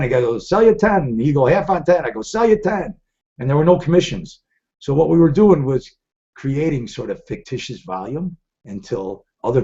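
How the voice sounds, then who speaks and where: A man's voice: mid-range voice, warm tone. A middle-aged man hosting a live trading webcast, drifting from one story to the next. He restarts his sentences often and rambles freely. The audio is dull and lo-fi. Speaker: trading show host.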